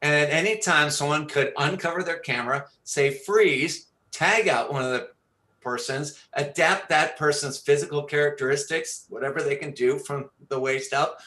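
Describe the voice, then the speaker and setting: A man hosts an online improv show over a video call. His voice is bright and sits a little high. The call audio sounds roomy. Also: moderate pace. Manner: upbeat, explains game rules. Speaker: show host.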